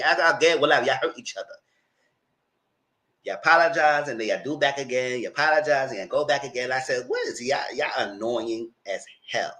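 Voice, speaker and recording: A man's voice: mid-range voice, brisk, a bit bright. Chatty man recapping with blunt asides. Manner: chatty, blunt, acts out what he told the cast. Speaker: commentary channel host. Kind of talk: casual livestream commentary.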